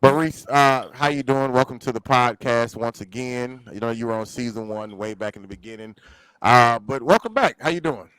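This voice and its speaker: A man co-hosting a casual podcast chat, playful and quick to laugh, stretching out his teasing lines. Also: medium pitch, a bit bright, smooth, dry recording, poor audio. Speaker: podcast co-host. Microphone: remote recording.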